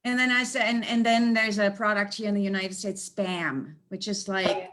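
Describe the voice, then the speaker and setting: Animal communicator lady telling stories in an interview, lively and laughing a lot, mid pitch. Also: normal speed, slight background noise. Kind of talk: storytelling in a conversational interview. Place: United States.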